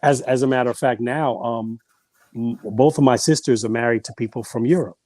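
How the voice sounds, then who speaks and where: A man with a warm, mellow voice tells family stories as a podcast guest, circling back and restarting his sentences. His voice is recorded close and dry, with no room sound around it. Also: mid-range voice, steady tone, fairly quick, dry recording. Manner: rambling, frequent restarts and repeated words. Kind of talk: casual storytelling.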